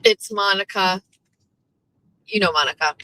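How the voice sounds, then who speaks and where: Bright, chatty New woman host. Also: medium pitch, unhurried, poor audio. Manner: chatty, swears casually, animated storytelling. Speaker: show host. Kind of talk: casual morning show chat.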